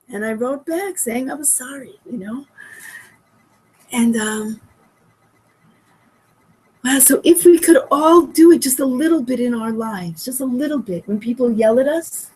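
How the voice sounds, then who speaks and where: High-voiced emotional woman in her sixties. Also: expressive, moderate pace, breathy edge. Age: 60s. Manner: emotional, repeats phrases, swings from soft to loud. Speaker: speaker at a memorial gathering. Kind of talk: heartfelt storytelling talk.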